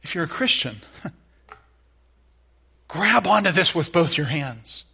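A middle-aged man preaching a sermon as a pastor, earnest, moving from loud emphatic lines to soft, hushed ones. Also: on the high side, animated, slow, creaky, slightly rough.

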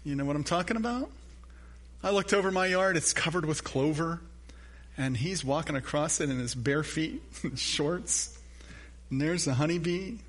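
A man's voice: a little high, normal speed, a bit bright. An older man, a grandfather and pastor, preaching a sermon in an earnest, conversational way with personal stories.

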